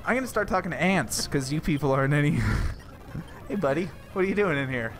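A man's voice: on the high side, lively intonation, a little fast, soft background music. A man hosting a let's play, joking, laughing and repeating silly phrases as he plays. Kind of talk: joking game commentary.

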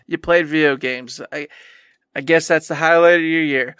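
A man's voice: on the high side, steady tone, moderate pace, fairly bright tone, clear, resonant tone, dry recording, studio quality. A man co-hosting a gaming podcast, scolding his past self in a mock-angry casual rant. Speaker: podcast co-host.

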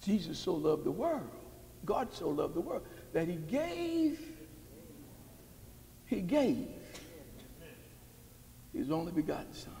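High lively gravelly preacher guy, call and response, big church reverb. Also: a little slow, pauses often. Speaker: pastor. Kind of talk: sermon. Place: church sanctuary. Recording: long hall reverb.

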